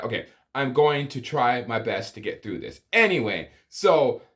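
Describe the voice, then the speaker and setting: In a slightly high, fairly bright voice, a man delivers a foul-mouthed comic movie review. He rants in exasperation, swearing and letting out sighs and groans of disbelief.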